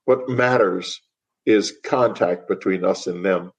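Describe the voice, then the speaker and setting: An older man, a guest author being interviewed on a podcast, talks bluntly and dismissively, laughing at whatever strikes him as absurd. His voice is low and his pace slow.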